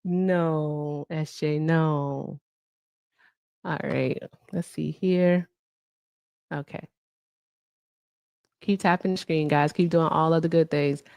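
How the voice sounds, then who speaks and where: A woman's voice: deep voice, fairly even intonation, slow pace, gravelly, long pauses, darkish tone, clean tone, no room sound. Brief: woman livestream host, brash chatter, dry close sound. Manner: brash, chatty, curses freely, hums and sings filler. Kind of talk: casual livestream chat.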